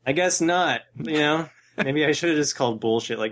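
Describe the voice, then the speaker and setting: A man's voice: on the high side, normal speed, fairly bright tone. A man co-hosting a casual podcast chat, telling laid-back stories and quoting people as he goes. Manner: laid-back storytelling with quoted voices.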